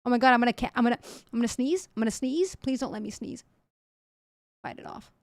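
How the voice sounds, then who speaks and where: A woman's voice: on the high side, fast, dry recording. A young woman streaming, chatting casually and jokily while reacting to news clips and talking to her chat. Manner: chatty, jokey, laughs often, talks to chat.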